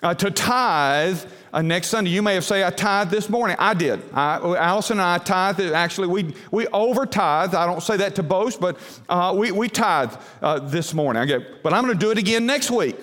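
A man's voice: high-pitched, lively intonation, moderate pace, a bit bright. Male pastor preaching, folksy, lots of uh's, big echoey church. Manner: folksy, with frequent uh fillers and repeats. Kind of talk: sermon. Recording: long hall reverb.

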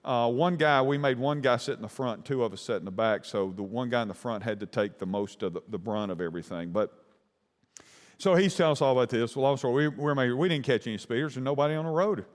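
Male preacher telling a long folksy story in a sermon, kinda rambling, mid pitch, lots of hall reverb. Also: quick pace.

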